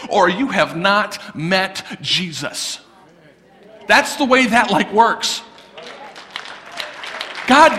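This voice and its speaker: A man preaching a sermon in a lively, conversational way. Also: high voice, in a large hall. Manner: animated, conversational preaching with acted-out quotes. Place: church sanctuary.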